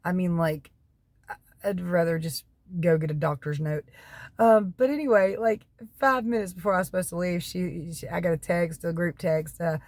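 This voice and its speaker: A keto diet vlogger in middle age, Southern-accented and from North Carolina, talks casually to camera at a normal speed in a fairly low, steady, slightly mellow voice, recorded dry. She rambles folksily onto tangents, laughing between remarks and coughing now and then because of allergies.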